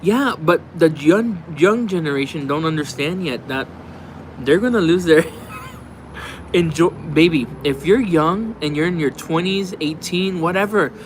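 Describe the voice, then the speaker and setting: A man's voice: a little high, a little slow, slight background noise. A man hosting a livestream in casual chat, rambling, swearing and laughing a lot as he answers viewers. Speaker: livestream host. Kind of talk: casual chat while reading viewer comments.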